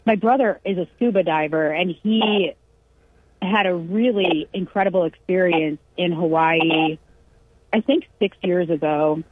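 A middle-aged woman from California spins a family story in relaxed, casual conversation. She acts out each person she quotes and laughs as she goes. Her voice sits a little low and husky, and it reaches us dry and boxy through a narrow, phone-like radio line. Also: a little slow, no room sound.

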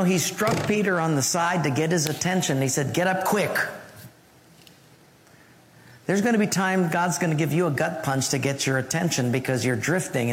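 A man preaching a sermon, telling a personal story and acting out the voices in it, sometimes dropping to a hush. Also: fairly high pitch. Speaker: pastor. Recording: long hall reverb, faint ambience.

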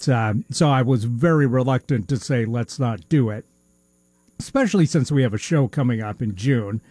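Chatting casually as a podcast co-host, this man rambles hesitantly, dropping in plenty of fillers and chuckles. His voice sits at a medium pitch with a dark tone and moderate pace. There's no room sound, and he has a slight lisp caused by a missing tooth.

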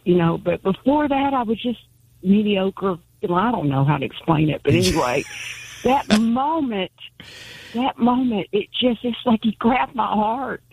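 Female caller, gravelly and husky, halting testimony, tinny phone line. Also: mid-range voice, dry recording. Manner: halting, searching for words. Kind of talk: sharing a personal testimony.

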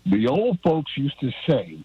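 A man calling in to a radio show, halting and repeating words. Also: medium pitch, huge pitch swings, breathy edge, no room sound. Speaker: caller. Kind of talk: phone-in chat. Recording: muffled phone line.

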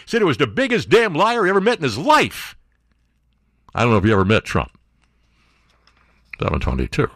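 Sarcastic, lively male radio talk host. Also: on the high side, fairly quick, pauses often, dry recording, studio quality. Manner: sarcastic, incredulous, animated. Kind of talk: opinionated talk radio monologue.

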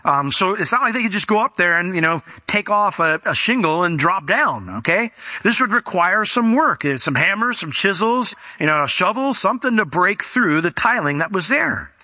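A man's voice: sits high, lively intonation, normal speed, pushed and bright, no room sound. A man preaching a conversational Bible teaching, folksy in his delivery and fond of acting out the people in the story. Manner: folksy, acts out quoted voices.

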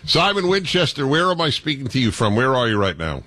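A man's voice: mid-range voice, sing-song, a little fast, pushed and bright, no room sound. An American man hosting a radio talk show, jovial and chatty, laughing often.

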